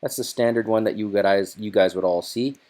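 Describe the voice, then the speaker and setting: A man hosting a casual screen-recorded software tutorial, chatty and loose, thinking aloud as he works. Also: fairly low pitch, brisk.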